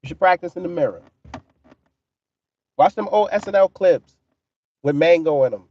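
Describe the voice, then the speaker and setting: A man's voice: sits high, animated, normal speed, a little mellow, lo-fi sound. A man hosting a casual livestream, talking in a profane, mocking way and answering his chat. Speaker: livestream commentary host.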